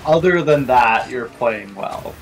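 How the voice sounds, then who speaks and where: A man's voice: medium pitch, expressive, takes it slowly, a little hiss or hum. A man bantering casually while playing a video game, laid-back and joking. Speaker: gamer and co-host. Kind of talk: casual gaming chat.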